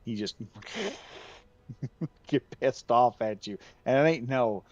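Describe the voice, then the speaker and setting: A man's voice: mid-range voice, lively intonation, slow, no room sound. A man telling a story in casual chat on a stream, down-to-earth and often laughing. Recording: dull dry lo-fi sound.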